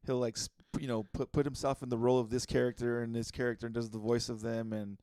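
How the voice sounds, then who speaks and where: A man's voice: medium pitch, little pitch movement, fast, darkish tone, dry recording. A man co-hosting a podcast in loose casual chat, rambling with many restarts and swearing freely. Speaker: podcast co-host.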